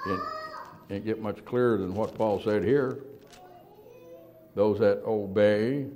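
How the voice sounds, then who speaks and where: A man gives a sermon full of rhetorical questions, slowing down to stress key words and dropping into quiet asides between louder, emphatic points. His voice is on the low side.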